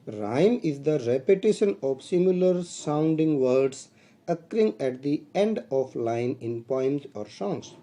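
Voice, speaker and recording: A middle-aged man with an Indian English accent lectures to literature students in an unhurried, measured way, his voice very dark and mellow. He fills pauses with frequent hesitations, repeats key points and calls the class dear friends. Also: mid-range voice. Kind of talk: recorded video lecture.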